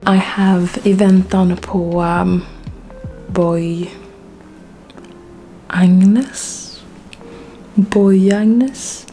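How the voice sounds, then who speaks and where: A woman's voice: mid-range voice, steady tone, very slow, dark tone, faint music behind. A woman from Sweden giving a casual bookshelf tour, chatty and self-deprecating with plenty of fillers, a little out of breath. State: slightly out of breath. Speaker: book vlogger.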